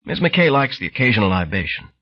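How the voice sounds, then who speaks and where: A man's voice: medium pitch, sing-song, fast talker, muffled recording, lightly acted. A man voicing a wry, loyal helper with a scarred face in an audiobook.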